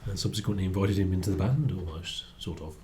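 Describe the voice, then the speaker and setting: Chatty man, quick to laugh. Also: deep voice, mellow, slight background noise. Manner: chatty, laughs often, repeats words while thinking. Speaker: book review co-host. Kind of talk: casual chat.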